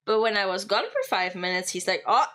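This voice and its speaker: A woman's voice: mid-range voice, fairly even intonation, a little fast, a bit bright. A young woman, chatting casually and playfully with her stream viewers and giggling often. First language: German.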